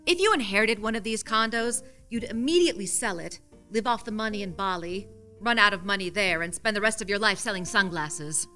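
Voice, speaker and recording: A woman's voice: medium pitch, a little fast, bright, forceful tone, faint music behind. A woman reading a first-person story aloud in a wry, dry, matter-of-fact way.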